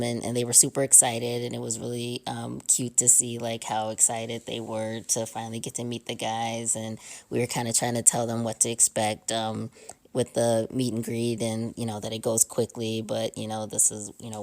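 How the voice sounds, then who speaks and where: Woman, very deep voice, rambling casual recap full of fillers. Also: darkish tone. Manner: rambling, many ums and uhs. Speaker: fan sending in a recorded story.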